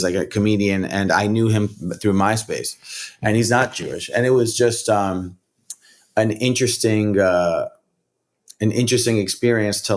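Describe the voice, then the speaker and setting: A middle-aged man, a rapper and comedian telling stories in a casual interview, rambling with lots of "like" and "you know". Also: on the low side. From United States. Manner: rambling, animated, many "like" and "you know" fillers. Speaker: rapper and comedian, podcast guest.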